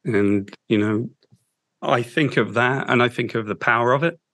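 A man, a guest in an interview, telling an emotional story in a halting, heartfelt way. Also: mid-range voice, no echo. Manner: halting, with restarts, soft and heartfelt.

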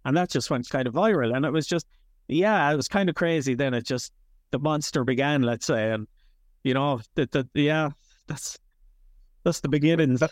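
Chatty Irish comedian, dry close sound. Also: male voice, fairly high pitch, moderate pace, no room sound. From Ireland. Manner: rambling, animated, swears freely. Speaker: comedian guest. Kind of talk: casual interview chat.

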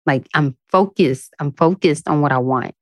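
A podcast host with a low voice speaks at a moderate pace, no echo in the recording. Her motivational self-help talk is earnest and emotional, packed with affirmations and addressed to listeners as if they were friends.

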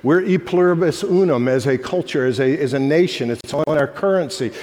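Man preaching, fairly high voice, dynamic, loud then hushed, long hall reverb. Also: brisk. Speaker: pastor. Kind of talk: sermon. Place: church sanctuary.

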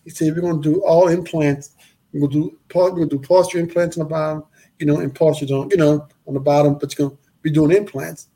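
A man tells a long personal story, slipping into the voices of everyone in it. His voice is gravelly and sits a little high for a man. He repeats his phrases for emphasis. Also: fast talker. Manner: animated, acts out quoted voices, repeats phrases. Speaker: guest telling his life story. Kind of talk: casual storytelling interview.

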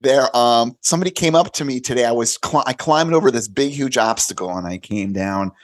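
A man's voice: medium pitch, brisk. A man in his late fifties, a podcast guest, talking earnestly in casual chat and often checking in with "right?". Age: 50s. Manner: earnest, repeats words, tags lines with "right?".

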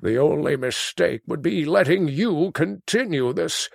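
A man's voice: fairly high pitch, lively intonation, a little slow, vocal fry, no echo, studio quality, heavily acted. A voice actor playing a grumpy old male sage in a comic sketch, theatrical and indignant. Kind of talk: comedic phone-in sketch.

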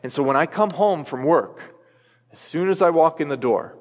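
This American pastor, in his thirties, uses a family anecdote to drive home his sermon, earnest and emphatic. His voice is on the high side with lively intonation at a moderate pace, and the church hall adds long reverb.

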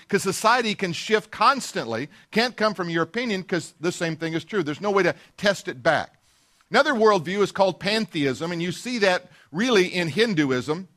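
A man's voice: sits high, a bit bright. A man preaching a sermon as pastor, telling folksy stories with frequent fillers and restarts.

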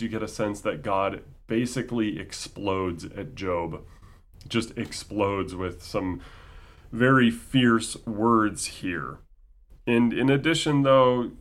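Male reader, somewhat low voice, measured scripture reading with wry asides. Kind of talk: reading aloud with commentary.

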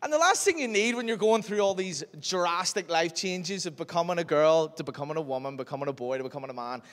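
Young male speaker, chatty and jokey, a bit high-voiced, recorded in a reverberant hall. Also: animated, fast talker, a bit bright. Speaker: youth speaker. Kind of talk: storytelling talk to a young audience. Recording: echoey hall with long reverb.

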